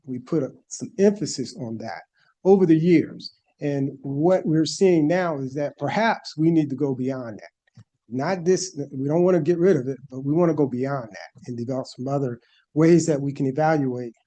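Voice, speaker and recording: A man's voice: mid-range voice, moderate pace, warm tone. A man giving a formal presentation to a planning board and walking through slides one by one. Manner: methodical, explaining slide by slide. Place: board meeting room.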